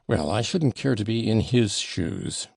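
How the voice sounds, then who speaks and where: A man's voice: fairly low pitch, expressive, unhurried, vocal fry, a little mellow, breathy edge, dry recording, clean studio sound, exaggerated voice. A man reading an audiobook voices a jealous young man who talks with a jeering sneer. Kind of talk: audiobook character voicing.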